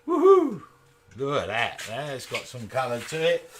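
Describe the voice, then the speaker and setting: A man's voice: mid-range voice, animated, moderate pace, a bit bright, a little hiss or hum. A man hosting a casual live woodturning demonstration from his home workshop, chatting and making jokey asides to viewers. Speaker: woodturner and channel host.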